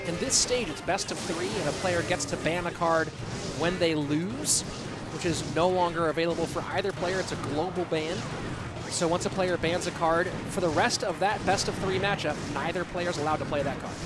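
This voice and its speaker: A man casting a live esports match on his own, answering chat between excited play calls. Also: sits high, moderate pace. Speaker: esports caster. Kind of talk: solo live esports commentary with chat reading. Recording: loud music behind voice.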